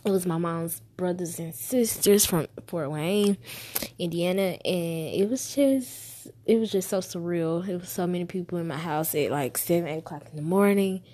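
A woman's voice: on the low side, moderate pace, dark tone. A woman in her twenties telling a personal story to the camera, heartfelt and emotional, repeating herself as she holds back tears. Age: 20s.

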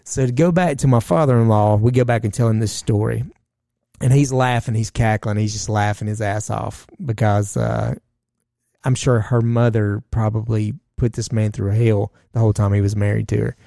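A man with a gravelly, low-rasped voice spins a long, profane story in casual conversation. His tone is dark and mellow, and the recording is dry and close with no room sound. He talks loosely, with plenty of fillers and side remarks. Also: steady tone, moderate pace, dry recording.

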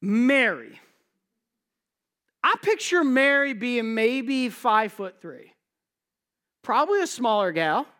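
A man's voice: very high-pitched, very animated, takes it slowly, pauses often, bright, forceful tone. A man preaching a sermon in a conversational way, posing rhetorical questions to his listeners and slipping in jokes. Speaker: pastor.

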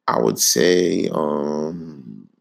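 A man's voice: very deep voice, lively intonation, drawn-out words, gravelly. A young man in casual chat, laid-back and slangy, laughing often.

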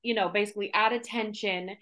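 This is a young woman speaking on a casual podcast interview. She tells her stories in an animated, emphatic way, with plenty of energy behind them. Her voice sits in a middle register. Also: mid-range voice, brisk. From Minnesota, USA. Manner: animated storyteller, lively and emphatic. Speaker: guest actor.

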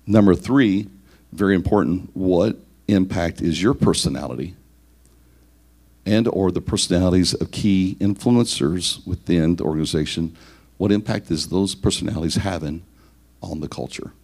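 A man's voice: low-pitched, moderate pace, darkish tone. A man teaching church leaders, working through numbered points with rhetorical questions and repeated words.

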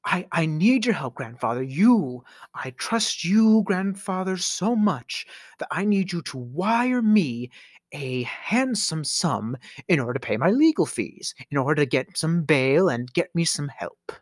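A man's voice: on the high side, very animated, a little slow, dry recording, studio quality, pitched above the performer's own voice. A man voicing a young male phone scammer who poses as a grandson, pleading in an overly formal, theatrical way. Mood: smarmy pleading.

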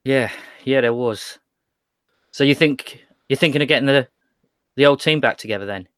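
A man speaking in character during a tabletop role-play, laid-back and a little hesitant, with a wry edge. His voice is mid-pitched and the sound is dry, with no room echo. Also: normal speed, fairly bright tone, clear, resonant tone. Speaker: player.

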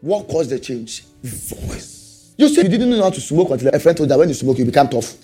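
A man preaching a sermon, animated, repeating rhetorical questions and laughing often. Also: fairly high pitch, fairly quick, faint music behind.

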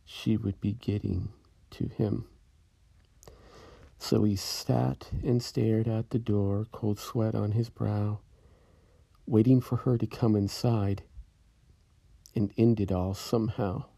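Slow gravelly guy reading a creepy rhyme, dark mellow voice, dry close sound. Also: fairly low pitch, steady tone, no echo. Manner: slow, brooding, measured. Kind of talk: dramatic rhyming story narration.

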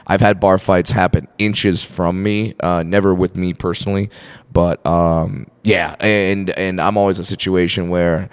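A man's voice: low voice, unhurried, clear, resonant tone. A man in his forties, a comedian guest, casually telling self-deprecating stories on a podcast and acting out quotes in bursts. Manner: self-deprecating storyteller, animated acted-out quotes.

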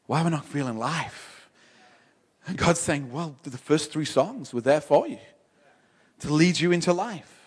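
A man preaching a sermon in church, emphatic and repetitive, stammering on restarts and swinging between loud exhortation and soft, slow moments. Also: a little high, animated, slightly rough. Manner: emphatic, repeats and builds phrases, stammers on restarts.

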